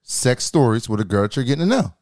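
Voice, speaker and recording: A man's voice: mid-range voice, very animated, quick pace, darkish tone. A man co-hosting a casual podcast, arguing his point, repeating words as he goes and throwing questions at the others. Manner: argumentative, repeats words, poses questions to the group. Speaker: podcast co-host.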